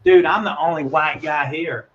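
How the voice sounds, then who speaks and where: A man casually telling a story on a call, animated and acting out the voices of the people in it. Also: fairly high pitch, moderate pace, lo-fi sound. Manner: animated, acts out voices in his stories. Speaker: guest calling in.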